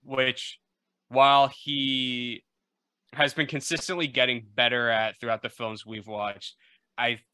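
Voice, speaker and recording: A male podcast co-host with a bright, forceful voice talks in long animated runs and acts out the interviewers he quotes. His recording is dry and close, with no room sound. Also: medium pitch, unhurried, clean tone, no room sound. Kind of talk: casual podcast discussion.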